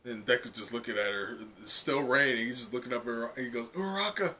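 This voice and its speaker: A man reacting live to a comic chapter in casual, excited talk full of "like" and laughs. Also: medium pitch, fast talker. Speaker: manga reaction streamer.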